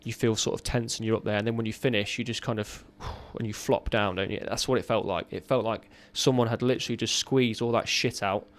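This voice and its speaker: A man in his thirties, a podcast guest, telling a raw personal story in an earnest, halting way. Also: lowish voice, steady tone.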